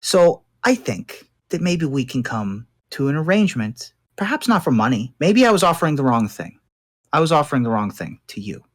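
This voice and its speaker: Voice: medium pitch, very animated, normal speed. A game master voicing a scheming male ratfolk crime boss who bargains for his freedom. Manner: bargaining, smooth-talking.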